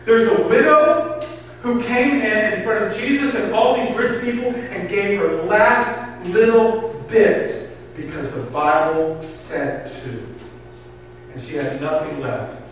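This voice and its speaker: A man with a high voice preaches with passion, rising to loud urging and dropping to hushed pleading. He is heard from a distance in a church hall with a long, booming echo and faint room noise behind him. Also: slow pace. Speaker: pastor. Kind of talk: sermon. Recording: echoey hall recorded from afar.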